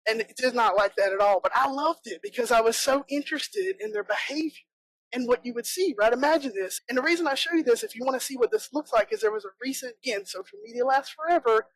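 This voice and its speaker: A woman from South Georgia in the USA, speaking with a Southern American accent, gives a chatty, joking conference talk as a bee inspector in a conference room. Her voice is on the high side and she talks fast. The recording is dry, with poor audio.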